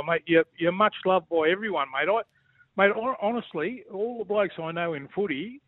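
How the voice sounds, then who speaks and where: Excitable Australian bloke on a tinny phone line. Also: male voice, high-pitched, dry recording. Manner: jokey, excitable, says mate constantly. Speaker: former footballer calling in. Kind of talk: casual banter on a phone call.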